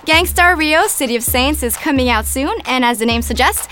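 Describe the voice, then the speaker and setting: Casual: young woman hosting a podcast, high pitched, teasing and dry, faint music behind. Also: lively intonation, a little fast, pushed and bright. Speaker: podcast co-host. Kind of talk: scripted news reading with playful banter.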